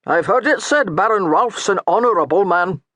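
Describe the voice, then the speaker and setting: A woman narrator voicing a gruff, mocking male priest with a thick Scottish brogue. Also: medium pitch, animated, moderate pace, fairly bright tone, no room sound, studio quality. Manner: baiting, scolding, dour.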